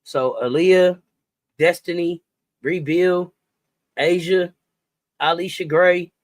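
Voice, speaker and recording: Animated high-voiced man hosting sports chat. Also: takes it slowly, no room sound. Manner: animated, slangy, greets and reads live chat comments. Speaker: sports talk host. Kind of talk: casual livestream sports chat.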